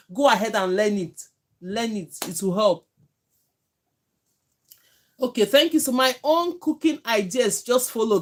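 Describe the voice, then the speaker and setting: A woman from Nigeria with a Nigerian accent, teaching hair braiding on a live stream from home, chatting and thanking viewers by name. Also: fairly high pitch. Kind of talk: live-stream tutorial chat.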